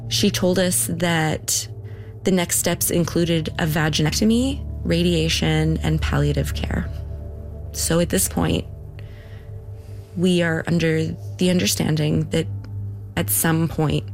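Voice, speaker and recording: Young woman telling what happened, kinda low voice, lots of "like", music playing under it. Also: creaky, darkish tone. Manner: earnest, halting, with many "like" fillers. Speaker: interviewee. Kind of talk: recounting a personal story.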